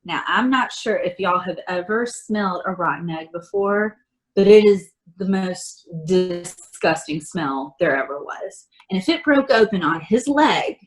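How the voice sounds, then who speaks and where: A woman reading a picture book aloud to children, chatty and animated, often laughing. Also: lowish voice, low-quality recording. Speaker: storybook reader.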